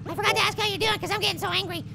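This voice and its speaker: A squeaky gravelly little cartoon apple. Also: male voice, rapid-fire, very noisy. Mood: frustrated. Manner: excitable, frustrated outbursts, silly alliterative exclamations. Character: tiny hyper male apple cartoon character. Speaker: let's play gamer. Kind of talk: cartoon character game commentary. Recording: loud music under the voice.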